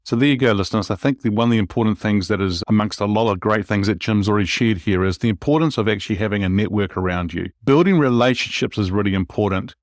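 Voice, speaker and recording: A man's voice: lowish voice, fast talker, few pauses, no room sound. Dry-sounding enthusiastic podcast host man. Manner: enthusiastic, rambling, addresses listeners directly. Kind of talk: casual interview chat.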